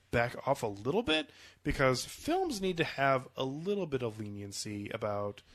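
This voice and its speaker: A man's voice: mid-range voice, fairly bright tone. A man hosting a casual film review podcast, rambling and hedging with many fillers, with a cold and the odd cough. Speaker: podcast host.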